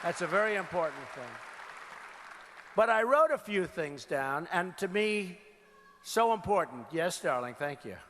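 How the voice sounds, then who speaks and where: A man delivers a campaign speech to a packed venue, hammering points home by repeating them. His voice sits high and bright, bouncing around a large reverberant hall with the crowd murmuring behind him. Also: sing-song, unhurried. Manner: emphatic, repeats phrases, calls out to crowd. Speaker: political candidate. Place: large indoor rally venue. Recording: reverberant arena with crowd noise.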